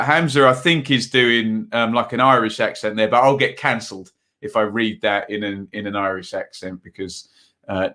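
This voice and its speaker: Chatty bright-voiced man hosting a stream. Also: lowish voice. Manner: chatty, reads out viewer comments between match updates; loose and rambling with many fillers. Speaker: live stream host. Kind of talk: casual live-stream football commentary.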